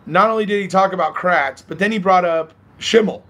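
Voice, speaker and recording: A hoarse man hosting a casual live stream, chatting, reading viewer comments aloud and laughing often. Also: high voice, brisk, pushed and bright. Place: at home by a balcony.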